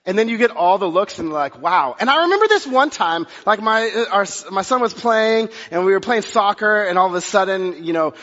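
A man's voice: high-pitched, animated, brisk, hardly any pauses, pushed and bright. A man in his thirties, a pastor, giving a conversational sermon with many fillers and restarts. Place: church sanctuary. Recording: muffled sound with long reverb of a hall.

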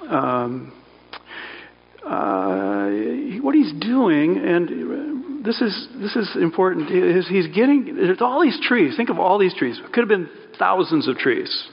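Preaching in an informal style, this pastor revises his sentences midway and keeps adding side remarks. He speaks slowly in a high, sing-song voice with vocal fry and slight roughness, recorded dull in a long-reverb hall.

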